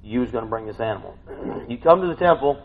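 A man preaching a sermon, swinging between hushed reading and loud excited outbursts. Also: mid-range voice, fast. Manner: animated, swings from hushed to shouting. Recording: dull lo-fi recording.

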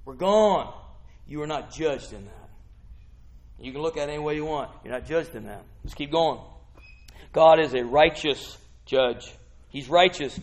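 A man preaching a lively sermon. He reads the text aloud and keeps asking "huh?", swinging from quiet asides to whooping shouts. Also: a little high, normal speed.

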